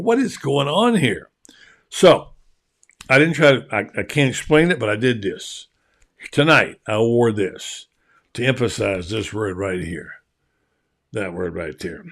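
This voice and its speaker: A man's voice: mid-range voice, fairly bright tone. A man hosting a sports talk show, talking in a folksy, rambling way. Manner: folksy, rambling, self-deprecating. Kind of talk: casual radio sports talk.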